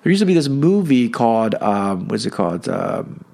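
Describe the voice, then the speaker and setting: A man's voice: mid-range voice, big pitch swings, normal speed, creaky, a little mellow. A middle-aged man giving a conversational teaching talk on Catholic faith, full of "you know" and "okay.". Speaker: Catholic speaker.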